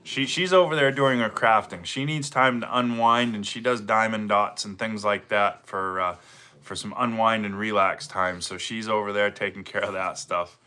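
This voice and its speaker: A middle-aged man with a Maine accent, hosting a relaxed livestream, greeting viewers by name and chatting with plenty of fillers. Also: lowish voice, moderate pace, clear, resonant tone. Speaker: livestream host, firewood seller. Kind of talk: casual livestream chat reading viewer comments.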